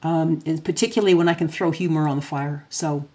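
A woman's voice: sits low, fairly even intonation, fairly quick, warm tone. A woman hosting a podcast, talking casually and chattily about parenting, an extrovert who often laughs. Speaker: podcast host.

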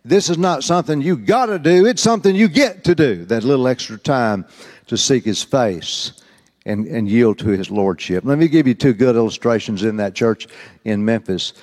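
A man preaching, telling a folksy, animated story and rising high when quoting others. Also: normal speed. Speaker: pastor. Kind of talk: sermon storytelling. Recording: long hall reverb.

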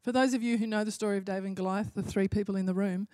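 A woman's voice: medium pitch, fairly even intonation, rapid-fire, dark tone, dry recording. A woman preaching a sermon in an impassioned way, building to emphatic repeated phrases.

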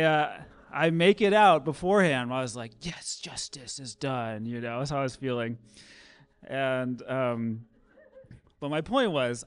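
Church guy wrapping up the service, casual and chatty, tells a story all animated, lots of ums. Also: medium pitch, no echo. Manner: conversational, animated storytelling with fillers. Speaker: church leader closing the service. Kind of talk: casual talk with a closing prayer.

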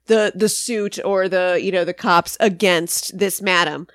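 A woman's voice: fairly low pitch, fairly even intonation, unhurried, fairly bright tone, no echo, studio quality. A woman co-hosting a podcast, recapping a sitcom episode in casual, emphatic chat. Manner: chatty, emphatic, swears casually. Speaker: podcast co-host.

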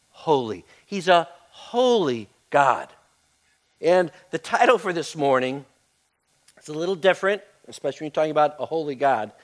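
A man preaching a conversational sermon as a pastor in church, often repeating words and swinging between soft and loud. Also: a little high. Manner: conversational, repeats words, varies loudness widely. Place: church sanctuary.

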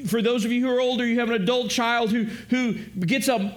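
A man's voice: very high-pitched, steady tone, fairly quick, hardly any pauses. A man preaching a sermon in an earnest way, often repeating words and speaking directly to his listeners. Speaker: pastor.

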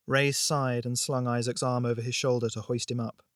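A man narrating a thriller audiobook in a steady, expressive storytelling voice. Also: medium pitch, normal speed, no room sound, studio quality.

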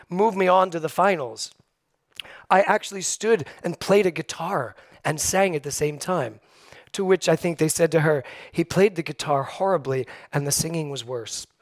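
A middle-aged man preaching a Sunday sermon, telling personal stories with lively, acted-out quotes. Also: a little high, dry recording, clean studio sound. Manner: storytelling, animated, acts out quoted voices. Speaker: minister. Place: church sanctuary.

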